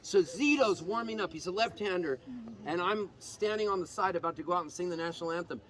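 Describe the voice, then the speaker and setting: A man's voice: high-pitched, fast. A man from Canada telling a rambling, laughing story at an outdoor campfire jam at a festival, acting out other people's voices. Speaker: singer-songwriter telling a story. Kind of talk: animated onstage storytelling. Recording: noisy crowd, loud festival ambience.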